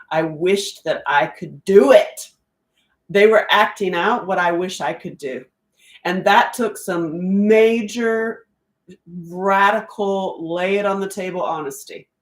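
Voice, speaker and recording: A woman's voice: lowish voice, echoey room. A middle-aged woman hosting a self-help live stream, talking candidly and chattily, laughing often and asking listeners whether they relate. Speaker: self-help workbook host. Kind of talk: casual live-stream talk. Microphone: phone or webcam during a live stream.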